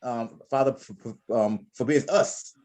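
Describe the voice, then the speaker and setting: A man's voice: medium pitch, measured pace, a little mellow. A man teaching a Spanish class, correcting students patiently and repeating his words. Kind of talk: online class instruction.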